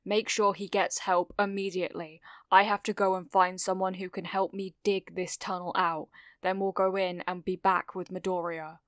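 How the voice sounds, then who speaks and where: A woman's voice: lowish voice, level tone, moderate pace, a bit bright, no echo, clean studio sound, natural voice. A woman voicing a stern adult male teacher giving terse, firm instructions while reading a story.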